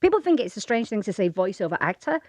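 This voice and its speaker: A woman's voice: medium pitch, sing-song, fast, a little mellow, dry recording. A British woman co-hosting a casual chat show, talking in a chatty way and laughing often. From Britain. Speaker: co-host.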